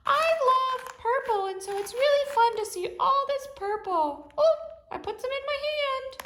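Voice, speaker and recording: A woman voicing a tiny, cheerful toy rider in children's pretend play, squeaky and sing-song. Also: expressive, moderate pace, a bit bright, echoey room. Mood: playful.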